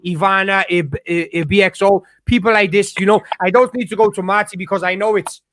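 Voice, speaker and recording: A man's voice: sits high, steady tone, fairly quick, fairly bright tone, a little hiss or hum. A man ranting angrily on a live stream, swearing hard and stumbling over repeated words as he talks. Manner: angry, profane, stammering with many restarts. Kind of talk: heated rant on a live stream.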